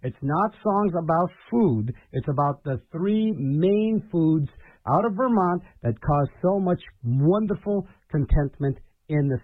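Rambling radio-host man, husky and lively in pitch, tinny phone-like sound. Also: no echo. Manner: rambling, with repeated fillers and restarts. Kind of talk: casual on-air musing between songs.

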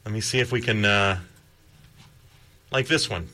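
A man's voice: lowish voice, measured pace, pushed and bright. A middle-aged man, hosting a casual radio show while getting over a cold, telling stories in a rambling, self-deprecating way. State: recovering from a cold.

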